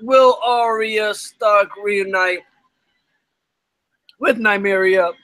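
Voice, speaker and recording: A man co-hosting a live stream, telling it in an excited, animated way while he is losing his voice. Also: high voice, drawn-out words, no room sound, rough recording. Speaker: co-host. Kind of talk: casual live-stream chat.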